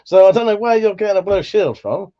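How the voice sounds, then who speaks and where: A man with a Buckinghamshire accent hosting a livestream, reading out chat in a relaxed, sweary way, laughing often, his voice slightly worn. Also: high-pitched, fast, dull audio. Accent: Buckinghamshire English. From England. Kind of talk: casual chat.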